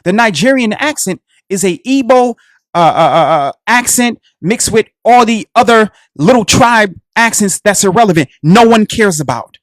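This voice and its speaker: A man's voice: high-pitched, expressive, moderate pace, dry recording, clean studio sound. A man with a Black American accent hosting a radio talk show, delivering a preachy, impassioned monologue and calling his listeners "family.". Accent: Black American English. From United States.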